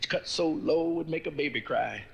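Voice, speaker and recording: A man's voice: fairly high pitch, brisk, creaky, highs cut off, a little hiss or hum. A man doing a stand-up comedy routine who tells jokes loosely, with stammers and asides.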